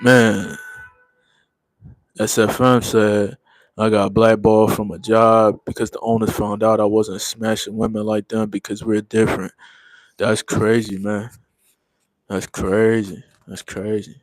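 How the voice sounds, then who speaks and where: A man's voice: fairly low pitch, level tone, unhurried, dry recording, low-quality recording. A man in his thirties chatting casually with viewers in a laid-back, slangy way, repeating phrases as he goes. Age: 30s. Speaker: livestream host.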